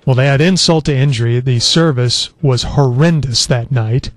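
A man's voice: mid-range voice, moderate pace, soft background music. A man in his forties hosting a radio show, sounding weak and worn out as he tells a long story in easy chat. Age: 40s. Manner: easygoing storyteller. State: weak and worn out after illness. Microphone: studio microphone.

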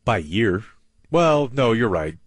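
Low-voiced man in relaxed sports chat. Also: slow, dry recording. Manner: relaxed, thinking aloud with fillers. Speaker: co-host.

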